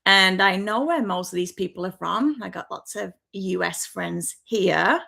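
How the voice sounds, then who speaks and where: Speaking into her laptop's built-in mic, a fifties-aged YouTuber from Birmingham with a softened West Midlands accent runs her first livestream. She chats casually and nervously to viewers, laughing a lot, in a medium-pitched, creaky voice with lively intonation and a slightly slow pace.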